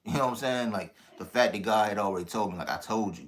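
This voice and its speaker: A man's voice: on the low side, fast talker, a little hiss or hum. A man giving an earnest testimony and speaking straight to his audience on a live stream. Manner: earnest, addresses the audience directly as "y'all". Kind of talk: testimony to viewers.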